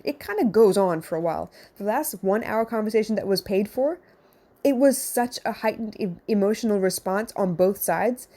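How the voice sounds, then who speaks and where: A woman's voice: mid-range voice, warm tone. A woman counselor hosting a podcast, giving blunt, direct advice to her listeners in a casual monologue with some swearing. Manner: conversational, addressing listeners directly.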